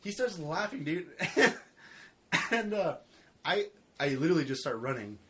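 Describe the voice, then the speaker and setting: A man's voice: on the high side, moderate pace, a little hiss or hum. A man in casual chat among friends, animatedly telling a story and acting out every line with lots of fillers. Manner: animated storyteller, acts out his own and others' lines, filler-heavy.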